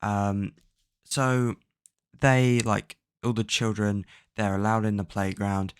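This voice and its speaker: A man's voice: lowish voice, little pitch movement, slow, smooth, dry recording, clean studio sound. A man casually recapping a book's plot at home, rambling with lots of fillers and frequent swearing. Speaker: book plot summarizer. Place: at home, bedroom with a cat.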